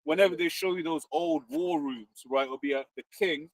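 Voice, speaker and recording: A man's voice: a little high, normal speed, dry recording. A man in casual chat, hesitant and searching for his words. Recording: distant mic.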